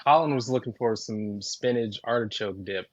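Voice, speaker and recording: A man's voice: lowish voice, normal speed, no echo, dull audio. A man guesting on a podcast, telling a story in an easygoing way and laughing along. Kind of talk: casual chat.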